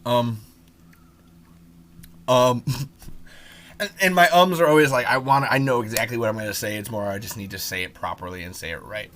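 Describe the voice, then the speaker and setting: Male solo podcaster, mid-pitched, rambling and profane, heavy on fillers. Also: moderate pace, pauses often, a bit bright, slight background noise. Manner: rambling, profane, lots of ums and restarts. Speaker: podcast host.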